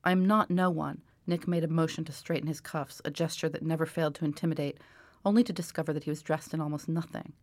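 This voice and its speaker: A woman author reading aloud from her novel in a measured, expressive way. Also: low-pitched, dry recording. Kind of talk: book reading.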